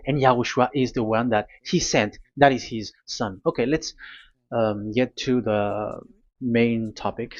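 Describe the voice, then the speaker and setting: A man preaching a teaching sermon at a board, pausing and repeating himself as he explains. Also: medium pitch, darkish tone, muffled recording. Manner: halting, repeats words, talks to a technician.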